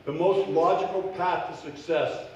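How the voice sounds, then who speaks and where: A man's voice: a little high, steady tone, moderate pace, lo-fi sound. Heated man at a council podium. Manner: off-the-cuff, heated, grows loud and indignant. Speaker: public commenter at city council. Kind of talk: public comment speech. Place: city council meeting hall. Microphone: podium microphone. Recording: echoey council chamber from far off.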